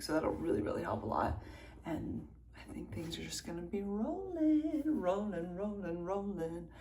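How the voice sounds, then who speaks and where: A woman's voice: fairly low pitch, gravelly, a little hiss or hum. A woman in her thirties chatting casually to camera in a rambling vlog, correcting herself as she goes. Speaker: vlogger. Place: home indoors, then outdoors at a race.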